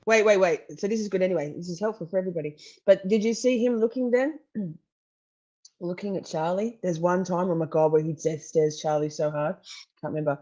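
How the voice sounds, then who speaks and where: A woman's voice: on the low side, a little fast, warm tone, muffled recording. A woman rambling and laughing as she chats casually on a live stream, swearing freely. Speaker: true crime streamer. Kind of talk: casual live-stream chat over court footage.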